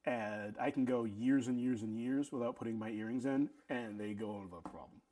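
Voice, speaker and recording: A middle-aged man telling a casual story, animated, often stammering and restarting his sentences. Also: mid-range voice, moderate pace. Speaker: vlog host telling a story.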